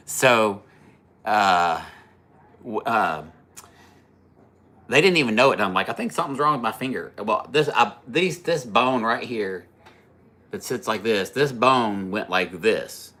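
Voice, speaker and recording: Bright-voiced man hosting a rambling livestream. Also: lowish voice, lively intonation, slow pace, pauses often. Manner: rambling, laughs at his own jokes; reads and answers viewer comments. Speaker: livestream host. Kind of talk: casual livestream chat.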